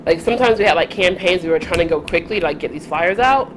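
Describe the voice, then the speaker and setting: A young woman tells stories in casual conversation, her pitch leaping and falling as she acts out what people said. She laughs easily and lives the telling. Faint noise sits under the recording. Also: fast, poor audio. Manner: animated, laughing, acts out quoted voices. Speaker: podcast guest. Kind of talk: casual storytelling chat.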